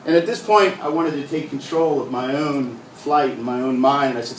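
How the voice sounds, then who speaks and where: An older man, a retired comedian, telling a stand-up story with deadpan comic pauses in front of a live audience. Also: mid-range voice. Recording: echoey room from far off, faint noise.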